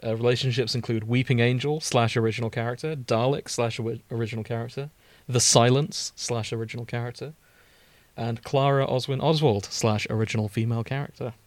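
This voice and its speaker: A man hosting a casual chat podcast, easygoing and quick to laugh while he sets up a reading. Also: medium pitch, steady tone, no echo. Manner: easygoing, giggly, organizing the reading. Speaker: podcast host.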